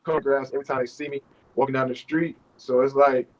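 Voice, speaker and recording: A man in his thirties chats loosely over a video call, his talk full of fillers as he drifts from point to point. His voice sits at an ordinary middle pitch, and the call audio comes through dull and lo-fi. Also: fast talker. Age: 30s. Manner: relaxed and rambling, with many fillers. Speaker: overseas basketball player, guest. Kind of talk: casual interview chat.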